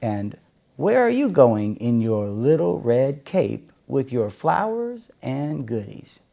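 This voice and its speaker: A man's voice: medium pitch, sing-song, takes it slowly, warm tone, exaggerated voice. A man voicing a sly, hungry wolf with a growly chuckle, reading a storybook aloud. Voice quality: growly chuckle, croaky when posing as granny. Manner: smooth and sly, mock-friendly.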